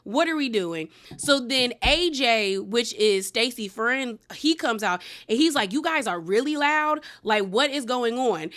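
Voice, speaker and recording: A woman's voice: a little high, lively intonation, measured pace, few pauses, fairly bright tone. A woman giving a casual, sassy recap of a reality TV episode, retelling the scenes in quoted voices and laughing now and then.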